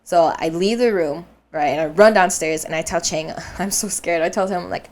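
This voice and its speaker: A young woman co-hosting a podcast tells a dream story in casual chat, speaking at a moderate pace in a fairly low voice. She's an animated storyteller who acts out the voices of the people in the dream and laughs often.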